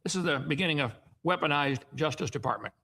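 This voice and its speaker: A man's voice: fairly high pitch, expressive, fast talker, sharp tone, breathy edge. A middle-aged man reading Bible passages aloud and breaking off into folksy asides that often end in "okay?". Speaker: Bible teacher. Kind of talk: reading and commenting on scripture.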